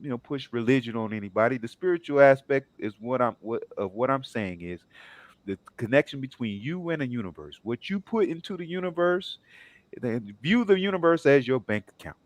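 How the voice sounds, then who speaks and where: A man on a discussion panel speaking in a measured, sermon-like way, with many filler pauses. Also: medium pitch, animated, no echo. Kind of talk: preachy panel talk.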